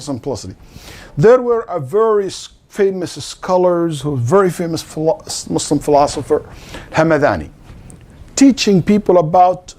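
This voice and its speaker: A man's voice: fairly high pitch, mellow. A middle-aged man giving a religious lecture as a teacher, telling stories with animation and acting out the quotes.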